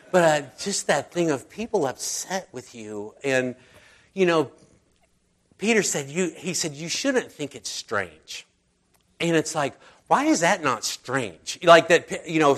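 A man preaching a casual sermon, telling personal stories in a chatty, conversational way and acting out the people he quotes. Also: mid-range voice. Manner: chatty storyteller, acts out quoted voices. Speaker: pastor.

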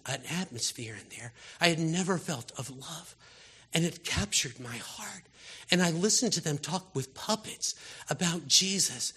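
A man preaching a sermon with passion, moving from hushed, soft lines to loud, urgent calls to his listeners. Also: on the high side, slightly rough. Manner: impassioned, swings from hushed to loud exhortation.

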